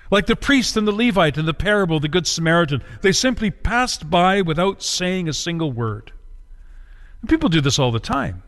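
A man preaching a sermon dramatically, moving between slow solemn phrases and quick urgent runs. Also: fairly high pitch, a bit bright, long reverb tail.

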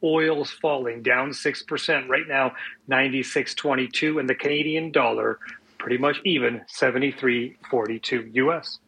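A man's voice: medium pitch, steady tone, normal speed, vocal fry, sharp tone, breathy edge, rough recording. A man who works as a financial advisor, a regular guest on a radio show, giving business commentary in an easygoing, conversational way.

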